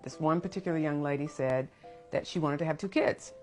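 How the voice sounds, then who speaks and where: A low-voiced woman, a teacher, tells a story about her students earnestly and with disbelief. Faint music plays underneath. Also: brisk.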